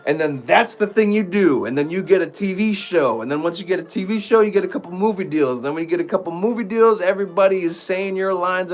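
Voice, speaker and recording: A man giving an emphatic, preachy casual monologue to his viewers, rambling with restarts. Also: high-pitched. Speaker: streamer talking to viewers.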